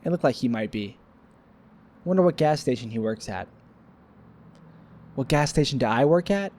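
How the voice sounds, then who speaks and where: A man's voice: medium pitch, expressive, moderate pace, darkish tone. A man rambling sleepily to the camera in a solo vlog, goofy and self-mocking, playing with silly wordplay. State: sleepy, yawning. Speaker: vlogger.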